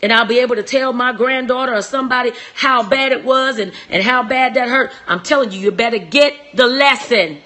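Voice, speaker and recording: A young woman hosting a live-stream relationship talk, preachy and emphatic, repeating phrases and swinging from soft to shouting. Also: a little high, fairly quick, hardly any pauses.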